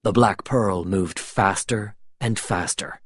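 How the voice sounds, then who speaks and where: A man reading a storybook aloud in a calm, measured way, with a husky voice. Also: on the low side, no room sound, studio quality. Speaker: reader of a story. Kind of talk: scripted storybook narration.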